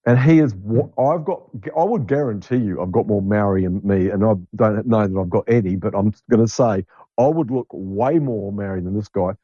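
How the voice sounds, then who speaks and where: A man's voice: lowish voice, normal speed, husky, lo-fi sound. A New man in casual, opinionated chat, rambling with many fillers and restarts.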